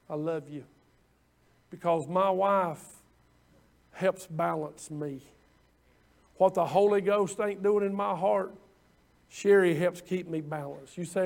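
A man's voice: sits high, vocal fry. A middle-aged man preaching a sermon as pastor, folksy and conversational, repeating his phrases as he goes.

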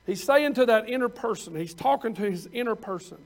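Male preacher, very high voice, folksy and conversational with loud emphatic peaks. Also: lively intonation, a little fast, hardly any pauses. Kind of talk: sermon.

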